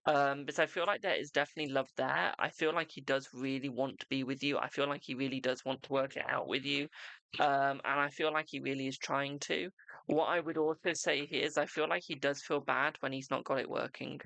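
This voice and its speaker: Gravelly bright-voiced man reading tarot. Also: medium pitch, flat delivery, fairly quick, dry recording. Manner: reassuring, repetitive, keeps saying "okay" and "my darling". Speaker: tarot reader and live stream host. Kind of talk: live-streamed tarot reading.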